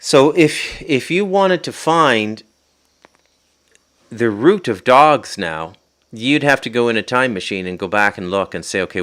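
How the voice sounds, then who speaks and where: A man's voice: fairly low pitch, bright, forceful tone. A man with an Ottawa Valley Canadian accent hosting a podcast, rambling off on tangents, restarting sentences and speculating aloud. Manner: rambling, self-interrupting, prone to tangents. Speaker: podcast host. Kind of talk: rambling casual livestream talk. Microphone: podcast mic.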